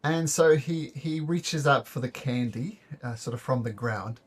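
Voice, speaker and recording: A man narrating as game master for a tabletop game, halting and full of fillers. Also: mid-range voice, slightly rough.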